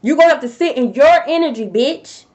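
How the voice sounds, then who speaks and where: A woman's voice: high-pitched, expressive, a little fast, a little mellow. A young woman doing a live-stream tarot reading, talking bluntly and confrontationally with a lot of cursing. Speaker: tarot reader. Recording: dull lo-fi stream audio.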